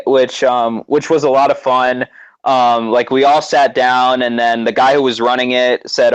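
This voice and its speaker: A man excitedly recounting a story in casual chat, with many fillers and restarts. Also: mid-range voice, moderate pace, clean tone, lo-fi sound. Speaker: guest co-host.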